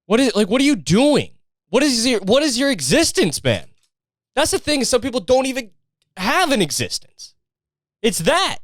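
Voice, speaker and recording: A young Canadian man hosting a podcast, ranting casually with lots of profanity and an animated, rambling delivery, recorded outdoors on a street. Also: extremely high pitch, moderate pace, dry recording. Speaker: podcast host. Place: outdoors in a street after a match.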